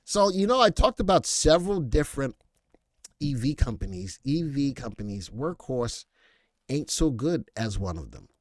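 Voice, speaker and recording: A man's voice: medium pitch, very animated, normal speed, no room sound, clean studio sound. A man hosting a live stock analysis stream, reading viewer chat aloud and joking between picks. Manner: playful, reads viewer chat aloud, jokey asides. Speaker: stock analysis livestream host. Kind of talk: casual live market commentary.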